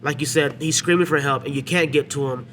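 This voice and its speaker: Man, podcast co-host, bright and slightly high voice, casual movie recap, faint hiss behind. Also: steady tone, fast talker. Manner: retells scenes with quoted lines. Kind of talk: casual film discussion.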